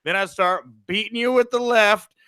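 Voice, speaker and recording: A man putting on a blunt, threatening Southern male wrestler, with a Southern twang and slow, deliberately planted words. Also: high-pitched, sharp tone, smooth, no room sound, clean studio sound, pitched above the performer's own voice. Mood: mock threatening.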